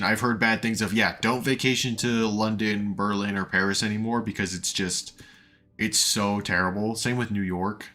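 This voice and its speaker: Hours into a gaming stream, this American man's voice sounds tired and strained as he rambles while building and reads chat aloud. It's fairly low and bright with a forceful tone, fairly even intonation and a moderate pace.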